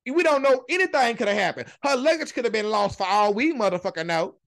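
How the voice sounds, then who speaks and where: High-pitched lady ranting on her podcast, cussing nonstop, drags out every curse word. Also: expressive. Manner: profane, emphatic, drawn-out swearing. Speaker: podcast host. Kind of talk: casual commentary rant.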